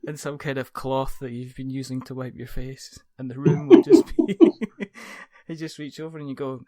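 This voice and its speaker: A man's voice: mid-range voice, little pitch movement, moderate pace, a crowd in the background. A podcast host with an ordinary mid-range voice. He keeps the chat loose, laughs a lot and spins silly scenarios before he gets to his questions. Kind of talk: casual interview chat.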